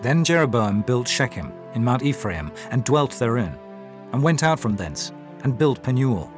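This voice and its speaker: Narrator: mid-pitched man, measured formal scripture reading, faint music bed. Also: very animated.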